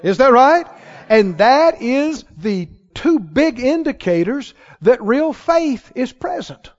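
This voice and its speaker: A man preaching a sermon to a congregation, calling out questions and rising to shouts. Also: very high voice, very animated, slow. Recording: dull hall recording with long reverb.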